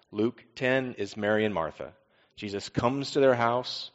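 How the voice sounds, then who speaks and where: A man's voice: mid-range voice, lively intonation, measured pace, in a large hall, highs cut off. A man preaching a sermon as pastor, with a conversational delivery, rhetorical questions and repeated refrains.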